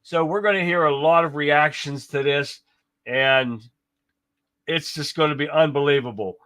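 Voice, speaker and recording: Bright-voiced angry man ranting live. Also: fairly high pitch, a little slow, no echo. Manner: heated, profane ranting; talks to chat viewers. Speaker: livestream host. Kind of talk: live reaction commentary.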